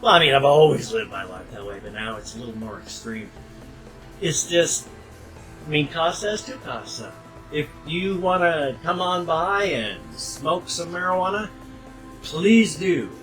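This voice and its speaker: An older man chatting casually to his webcam at home, rambling and tangential, with sudden loud bursts. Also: fairly high pitch, lively intonation, a little slow, soft background music, low-quality recording. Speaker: vlogger.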